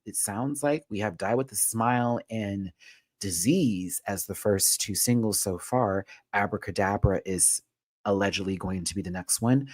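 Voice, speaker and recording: A sassy, slangy man hosts a casual livestream in a somewhat low voice. He swings between hushed asides and loud, emphatic pleas. The sound is dry and close. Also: no room sound. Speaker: host.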